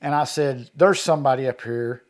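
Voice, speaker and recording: A man's voice: medium pitch, moderate pace. A middle-aged man, telling a story in a folksy, rural way and acting out what people said. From Kentucky. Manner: folksy rural storyteller, acts out quoted dialogue. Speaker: eyewitness guest. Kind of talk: storytelling interview.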